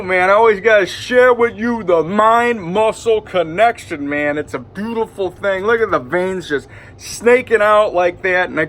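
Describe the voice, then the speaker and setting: Man, Detroit accent, rambling, hyped-up, lots of fillers, fairly high voice. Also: a bit bright. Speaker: vlogger. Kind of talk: rambling casual monologue. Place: indoors at home.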